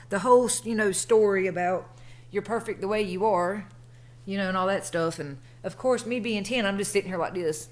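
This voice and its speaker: A woman's voice: mid-range voice, fairly quick. A woman in her thirties telling a personal story in a chatty, colloquial way. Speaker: vlogger. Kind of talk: casual storytelling.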